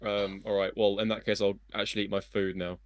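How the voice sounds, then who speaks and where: A man's voice: lowish voice, level tone, a little fast, dry recording. A man playing a tabletop game, talking casually and hesitantly about his character's meal. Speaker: player.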